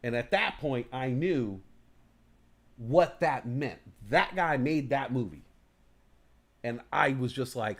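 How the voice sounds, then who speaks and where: Animated man telling stories on a livestream. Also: mid-range voice, slow pace, pauses often. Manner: animated storytelling, acts out inner voices loudly, swears casually. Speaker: talk show host. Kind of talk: casual livestream chat.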